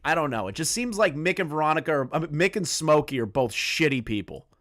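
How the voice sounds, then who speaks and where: A man's voice: on the high side, expressive, fast, fairly bright tone. A man hosting a drama commentary video, reacting bluntly and with a lot of swearing. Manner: blunt and profane, with frequent restarts. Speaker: commentary channel host.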